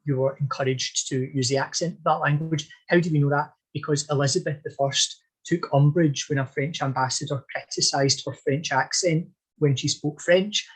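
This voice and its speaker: A man appears as a historian guest on a podcast interview, speaking in a discursive, thoughtful way and often correcting himself. His voice is on the high side and husky, and the audio quality is poor.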